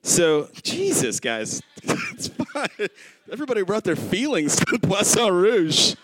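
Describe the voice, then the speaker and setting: A man's voice: high-pitched, a little slow, background noise. A man in his thirties telling a funny personal story on stage, acting out the quotes and laughing as he goes. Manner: animated, acts out quotes, laughs mid-line. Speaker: storytelling comedian. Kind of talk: live storytelling set.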